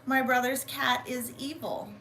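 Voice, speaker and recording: Vlogging casually on a phone camera at home indoors, this woman speaks in a high, bright, forceful voice with a flat delivery. The sound is reverberant with a little hiss or hum, and she is chatty, swears a bit and drags out her complaints.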